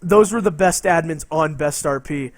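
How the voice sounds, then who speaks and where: A man's voice: on the high side, moderate pace, no echo. Rambling, profane young-sounding male streamer. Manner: rambling, profane, laughing between lines. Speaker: game streamer. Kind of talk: casual storytelling on a stream.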